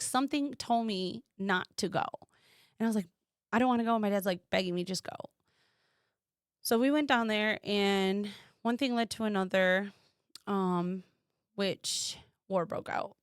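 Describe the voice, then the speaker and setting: A woman from the United States telling a personal story as a podcast guest, animated and quoting others in lively voices. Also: mid-range voice, clean tone, dry recording, clean studio sound.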